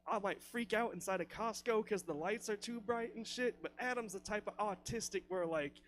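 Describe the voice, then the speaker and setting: A man doing a loose, profane stand-up comedy set in a comedy club, laughing at his own jokes. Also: high-pitched.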